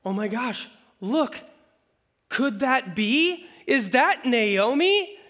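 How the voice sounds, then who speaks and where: A man voicing gossipy townswomen who gush in high, breathless amazement. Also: sing-song, drawn-out words, bright, forceful tone, heavily acted. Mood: amazed.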